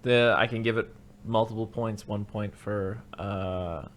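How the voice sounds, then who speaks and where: A man's voice: fairly low pitch, measured pace. A man hosting a casual movie podcast, talking loosely and acting out scenes by jumping his voice up for characters' lines. A faint hiss runs under the recording. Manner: animated, acts out characters' lines in raised voices. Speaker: podcast host.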